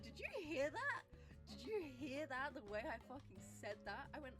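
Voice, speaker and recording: A woman's voice: high-pitched, sing-song, moderate pace. A woman streaming casually and chatting with her viewers in a playful, giggly way, sliding into silly voices. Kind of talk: casual live-stream chat. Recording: music playing under the voice. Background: background music.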